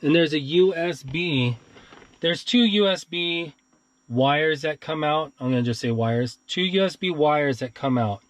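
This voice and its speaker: A man's voice: on the high side, measured pace. A man casually walking viewers through a car stereo setup, talking to them directly in an informal way. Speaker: car stereo how-to vlogger. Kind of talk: casual how-to walkthrough. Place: outdoors near his car, then inside it.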